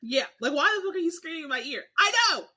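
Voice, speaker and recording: A woman's voice: high-pitched, lively intonation, fast talker, sharp tone, low-quality recording. A young adult woman co-hosting a casual podcast chat, ranting animatedly with mock outrage. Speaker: podcast co-host.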